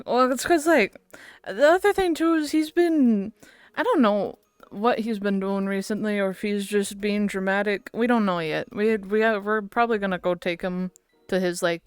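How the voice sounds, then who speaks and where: A woman's voice: mid-range voice, clean tone, no echo. A woman streamer chatting casually with her viewers, rambling and laughing often. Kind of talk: casual livestream chat.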